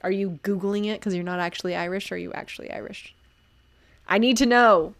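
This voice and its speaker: An American woman in her thirties talks casually on a live stream, reviewing stories and replying to chat. She is chatty and fills her speech with ums. Her voice sits at an ordinary pitch for a woman. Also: brisk, vocal fry. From United States.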